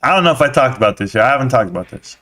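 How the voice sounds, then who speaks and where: A man's voice: mid-range voice, expressive, rapid-fire, bright, forceful tone. A man hosting a casual live stream, chatting with viewers as a slangy, blunt storyteller.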